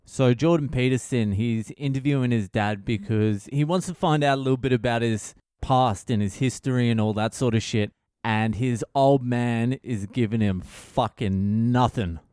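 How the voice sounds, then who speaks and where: A male comedian hosts a short daily podcast, telling a story in a relaxed, swearing-heavy way. His voice sits at a middle pitch, and the sound is dry and close. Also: moderate pace, clear, resonant tone, dry recording. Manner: profane, laid-back.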